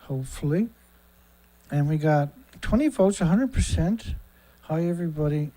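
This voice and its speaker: A man's voice: a little high, expressive, normal speed, dark tone. Blunt, sarcastic middle-aged man host. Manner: rambling with frequent fillers and asides. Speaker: host of a daily news livestream. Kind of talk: casual livestream commentary.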